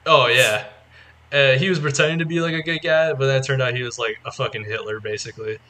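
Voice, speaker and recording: A man's voice: medium pitch, steady tone, fast talker, heavy background noise. A male podcast co-host in casual chat, rambling as he eagerly explains, filling his talk with "like". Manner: rambling, heavy use of filler "like", eager explaining.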